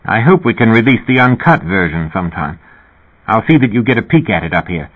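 A man's voice: lowish voice, big pitch swings, fairly quick, slightly rough. A man voicing a genial, amused male musician with a slight British accent and a twinkling, lilting manner. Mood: chatty. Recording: tinny phone-like audio.

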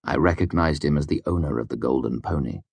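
A man reading an audiobook in a steady, measured storytelling manner. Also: very deep voice, vocal fry, slightly rough, no echo. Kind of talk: scripted audiobook narration.

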